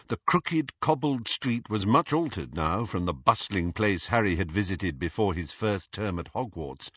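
A man reading a novel aloud as an audiobook narrator, with an expressive delivery. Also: lowish voice, slightly rough, no echo, highs cut off.

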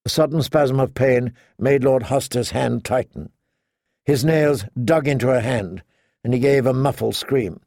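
Male fantasy audiobook narrator, measured, gravelly, dry close sound. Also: mid-range voice, no room sound. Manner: measured, even storytelling.

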